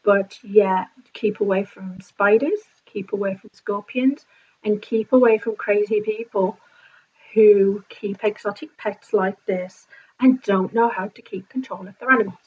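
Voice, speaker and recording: A woman vlogger telling a story in an animated, indignant way, swearing freely. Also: mid-range voice, unhurried, slightly rough. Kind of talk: casual storytime vlog. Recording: slightly dull lo-fi sound.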